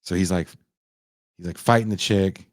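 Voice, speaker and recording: A man in his forties casually reviewing a film, profane and animated, acting out the characters' lines. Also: low voice, normal speed, no echo, studio quality. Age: 40s. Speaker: podcast host reviewing a film.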